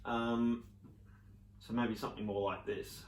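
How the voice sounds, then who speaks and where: A man giving a relaxed piano lesson, explaining casually with fillers and sometimes singing rhythms in syllables. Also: medium pitch, measured pace, slight background noise. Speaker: piano teacher. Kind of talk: relaxed spoken piano tutorial. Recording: roomy sound with loud piano. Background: piano playing.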